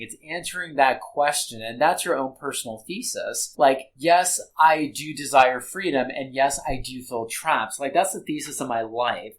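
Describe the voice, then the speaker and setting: Male podcast guest, mid-pitched, earnest and rambling, full of restarts. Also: a bit bright, a little hiss or hum, poor audio. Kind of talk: casual reaction chat.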